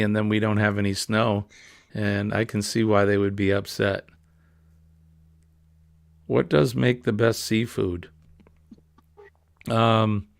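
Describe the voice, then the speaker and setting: A man's voice: on the low side, gravelly, no room sound, clean studio sound. A man with a New England accent hosting a casual, rambling morning livestream chat. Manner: chatty, rambling, easygoing. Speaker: livestream host.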